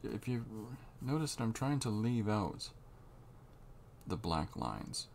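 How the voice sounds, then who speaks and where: A man talking through a drawing tutorial as he works, unhurried and halting, thinking aloud. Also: fairly low pitch, very animated, gravelly, darkish tone, slight background noise. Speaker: comic artist drawing on camera.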